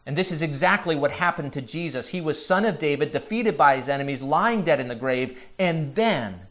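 A man preaching a sermon as pastor, earnest, building to emphatic repeated questions and dropping softly on key phrases. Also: mid-range voice. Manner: drops to slow, soft emphasis on key phrases.

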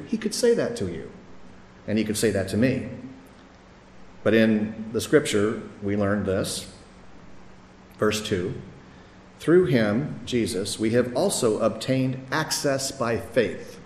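A man's voice: lowish voice, expressive, measured pace, pauses often, a little mellow, slight background noise. A middle-aged man giving a sermon as pastor, earnest and conversational, with some restarts. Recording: echoey hall, faint ambience.

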